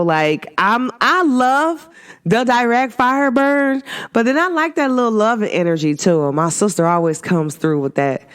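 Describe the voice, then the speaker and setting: A woman hosting a podcast, talking casually in a rambling, animated way with many fillers. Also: lowish voice, smooth. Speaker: podcast host.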